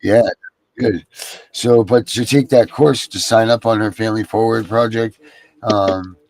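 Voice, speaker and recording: A low-voiced man with a gravelly edge hosts a casual online chat. He rambles through many ums and uhs. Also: fairly even intonation, measured pace, darkish tone. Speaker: show host.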